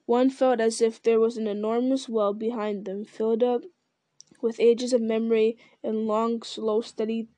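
A woman reading a novel aloud in a steady, unhurried storytelling manner. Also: fairly high pitch, dry recording. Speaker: reader.

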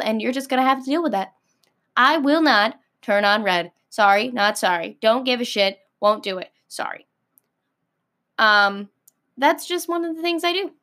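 Sassy American woman, slightly high voice. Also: expressive, normal speed, pushed and bright. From United States. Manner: filler-heavy, frequent "like"; blunt and sassy, swears casually. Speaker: vlogger. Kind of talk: casual ranting monologue.

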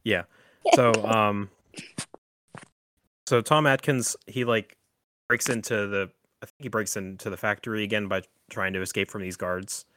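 A man's voice: on the low side, fairly even intonation, normal speed, pauses often, fairly bright tone. A man hosting a podcast, recapping a horror film in casual chat, full of "like" and "um". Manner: rambling, filler-heavy with frequent "like" and "um". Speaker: podcast host.

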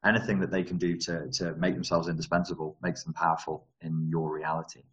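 A man with a deep, low-pitched voice talks off the cuff on a live stream, working through viewer comments. He rambles, cuts off his own sentences and slips in wry asides, all in a flat, fast, slightly bright delivery. The audio is dull.

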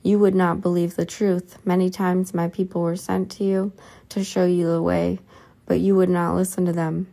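A woman's voice: lowish voice, little pitch movement, moderate pace, gravelly, dark tone. A woman reading aloud the words of Jesus, a sorrowful but stern grown man, in her own plain voice. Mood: solemn.

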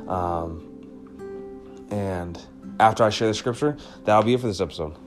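A man's voice: fairly low pitch, normal speed, over music. A man hosting a devotional podcast episode, speaking earnestly and with emotion, repeating key phrases for emphasis. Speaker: podcast host.

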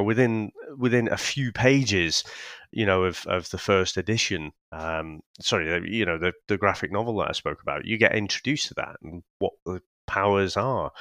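A man with a fairly low voice co-hosting a casual film review chat. He talks in a laid-back, halting way with frequent restarts. The recording is dry and close. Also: fairly bright tone, no echo. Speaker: film review podcast co-host.

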